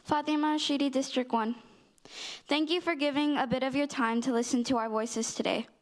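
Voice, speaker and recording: An earnest woman with a fairly high voice. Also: steady tone, brisk. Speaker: public commenter at a city council meeting. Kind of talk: public comment speech. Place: city council chamber.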